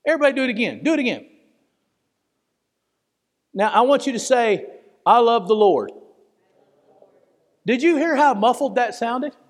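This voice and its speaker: High-voiced fervent preacher in a hall. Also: male voice, expressive, a little fast, long pauses. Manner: fervent, emotional, swings from loud to hushed. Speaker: pastor. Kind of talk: sermon. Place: church.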